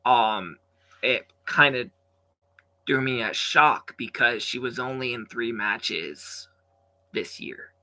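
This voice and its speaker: Bright-voiced chatty man recapping wrestling. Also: mid-range voice, slow pace. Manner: rambling, chatty, lots of fillers and restarts. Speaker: wrestling show reviewer. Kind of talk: casual recap commentary.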